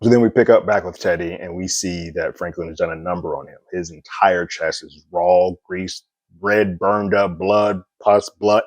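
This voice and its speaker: A man with a fairly low voice talks through a TV episode in a loose, animated recap, chuckling as he goes. The sound is dry and close, with no room echo. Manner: animated, chuckles often, slips into quick impressions. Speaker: TV episode reviewer. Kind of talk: casual recap commentary.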